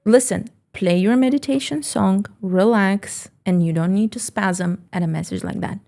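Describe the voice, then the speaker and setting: Woman, podcast guest, animated storyteller, blunt, swears casually. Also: mid-range voice, moderate pace, gravelly.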